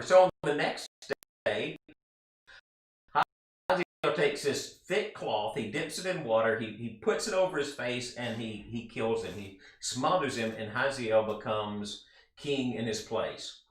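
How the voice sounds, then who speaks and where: A man teaching a conversational Bible study lesson in an earnest, chatty way, with quick asides to his listeners. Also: mid-range voice, lively intonation. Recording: echoey room.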